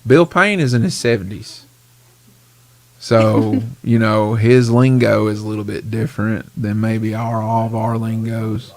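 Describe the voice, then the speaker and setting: A man hosting a podcast in casual chat, animated and rambling, laughing often. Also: fairly low pitch, measured pace. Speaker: podcast host.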